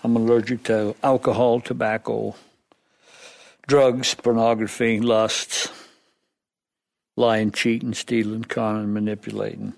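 A man's voice: lowish voice, flat delivery, a little slow, gravelly, pauses often. A man sharing his story at a recovery meeting, plainspoken and self-deprecating about his past. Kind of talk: personal testimony.

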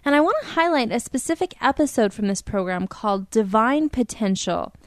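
A woman presenting a program with a scripted introduction, clear and inviting, asking reflective questions. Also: a little high, expressive, brisk, no echo, clean studio sound.

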